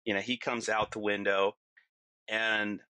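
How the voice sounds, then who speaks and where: Guy on a podcast telling a wild story, bright edgy voice, dead dry sound, lots of you knows. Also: on the low side, flat delivery, a little slow, clean tone, dry recording. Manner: vivid, lots of fillers, acts out his own yelling. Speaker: podcast guest. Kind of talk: casual storytelling.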